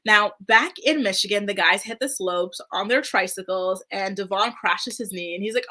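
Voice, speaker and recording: A woman's voice: medium pitch, moderate pace, few pauses, sharp tone. A woman hosting a reality TV recap, chatting casually in a sassy way and saying "like" a lot. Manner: sassy, chatty, heavy use of "like". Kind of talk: casual commentary.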